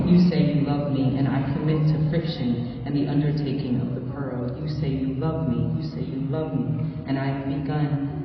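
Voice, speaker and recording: A woman's voice: rumbling low, a little hiss or hum. A woman reading her poems aloud at an event, with a rhythmic, incantatory delivery. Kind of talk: poetry reading. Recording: echoey hall, distant mic, dull.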